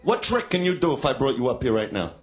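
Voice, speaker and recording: A male stand-up comedian doing crowd work, taunting and insulting people in the audience with crude jokes, shouting and laughing at times. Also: medium pitch, very animated, fast talker.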